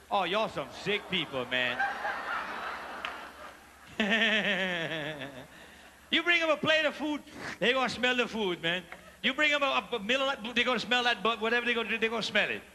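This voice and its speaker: A man's voice: very high voice, pushed and bright. A man with a Cajun accent doing live stand-up storytelling, folksy and chatty, teasing the audience from a theater stage. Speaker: stand-up comedian. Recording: live theater recording with long hall reverb and faint noise. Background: audience laughter.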